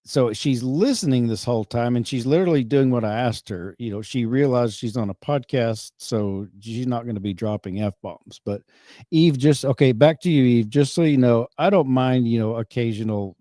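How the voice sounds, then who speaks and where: A podcast host with a warm mid-range voice talks casually at a moderate pace, rambling and often restarting his sentences. The studio recording is clean, with no room sound.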